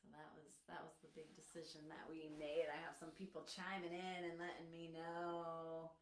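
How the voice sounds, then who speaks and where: A woman's voice: sits low, little pitch movement, moderate pace, a little hiss or hum. A woman co-hosting a live stream, chatting casually with lots of fillers and laughs. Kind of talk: casual chat. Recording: echoey room.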